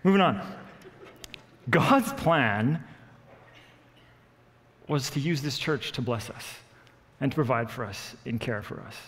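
Animated male pastor telling a story in a hall. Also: medium pitch, slow pace, long pauses. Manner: animated storyteller, acts out quotes, laughs at himself. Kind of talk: sermon with personal story. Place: church hall. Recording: long reverb of a church hall.

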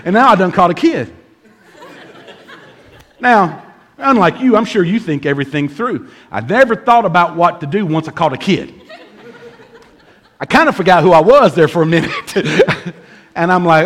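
A middle-aged man preaching a sermon, telling a comic story with animated shouts and laughs before moving into his teaching. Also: high-pitched, moderate pace. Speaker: pastor.

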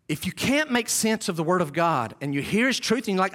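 A male pastor preaching a sermon to a congregation, reading scripture slowly and with emphasis. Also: high-pitched, big pitch swings, fairly bright tone. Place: church before a live congregation.

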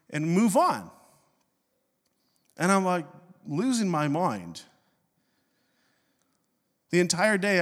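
A middle-aged man, a pastor, preaching a sermon and telling a personal story with self-mocking humor and animated swings in his delivery. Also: high voice. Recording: long hall reverb.

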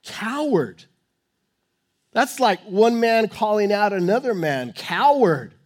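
A male preacher delivers a sermon in a high voice. He presses his points hard, rising to loud urging and dropping to hushed tones. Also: lively intonation, moderate pace.

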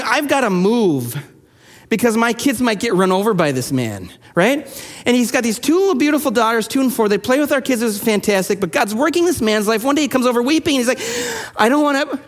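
A man preaching a sermon, his voice sitting high for a man. He talks to the congregation conversationally and turns animated when telling stories. The sound carries a long reverb tail from the church hall. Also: a little fast. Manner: conversational, animated storytelling with rising intensity. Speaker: pastor.

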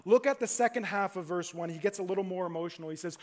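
High-voiced male pastor preaching. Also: fast, hardly any pauses. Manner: preaching with swings from loud pleading to hushed low tones. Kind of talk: sermon.

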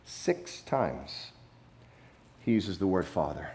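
Lively, emphatic male preacher. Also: low-pitched. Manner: emphatic preaching with dramatic pauses and repetition; playful, acts out wrong versions for effect. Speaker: pastor. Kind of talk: sermon.

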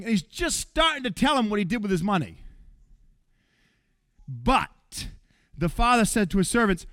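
Bright, high-voiced animated male preacher. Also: normal speed, pauses often, no room sound, clean studio sound. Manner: animated, with sudden loud bursts and quiet asides. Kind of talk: sermon.

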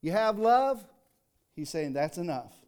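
An older man preaching a sermon in a folksy, conversational way, rising into emphatic reading and dropping to quiet asides. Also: sits high, big pitch swings, unhurried, smooth. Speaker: pastor.

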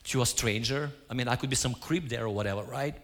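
A man's voice: mid-range voice, fast, fairly bright tone. A man giving a sermon, telling stories and acting out his own quoted lines. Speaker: preacher. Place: church. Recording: hall reverb.

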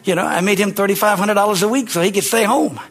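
A middle-aged male pastor preaching a fervent sermon, with a husky voice, swinging from low murmurs to shouted bursts and calling for amens. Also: fast talker. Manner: asks the congregation for amens.

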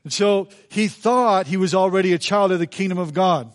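A man's voice: high voice, moderate pace. A man preaching a sermon in a church as pastor, folksy and conversational, acting out the people he quotes.

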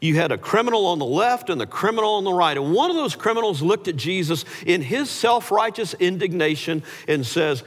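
Lively preaching man in a reverberant hall. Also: sits high, fairly quick, few pauses. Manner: animated preaching, voice rising for quoted lines. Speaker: pastor. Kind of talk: sermon.

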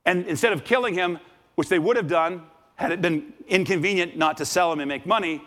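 A man preaching a sermon as a guest preacher, dramatic, swinging from loud exclamations to hushed asides. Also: sits high, brisk. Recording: long reverb of a large hall.

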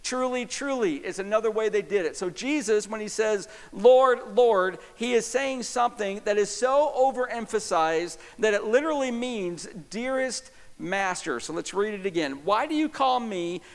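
A man preaching a sermon as pastor, emphatic, swinging between loud stresses and hushed, intimate appeals. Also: high voice, animated, moderate pace, few pauses. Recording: long hall reverb.

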